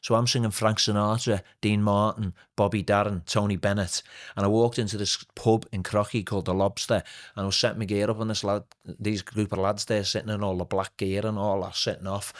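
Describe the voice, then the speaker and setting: A man's voice: fairly low pitch, brisk. Middle-aged Liverpool man, podcast guest, chatty storyteller who slips into put-on voices. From Liverpool, England. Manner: animated anecdotes with put-on voices and laughs. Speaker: podcast guest, swing singer. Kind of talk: casual storytelling chat.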